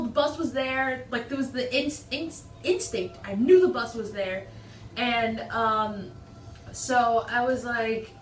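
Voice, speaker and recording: A woman's voice: a little high, fairly bright tone. A young woman hosting her vlog, telling a story in a rambling, self-amused way full of fillers. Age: young adult. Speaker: vlog host. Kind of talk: casual storytelling chat. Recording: echoey room, mic far off, faint noise.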